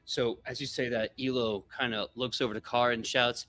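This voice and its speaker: A man's voice: medium pitch, moderate pace. A man running a tabletop game as game master, narrating the scene. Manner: lively, animated narration.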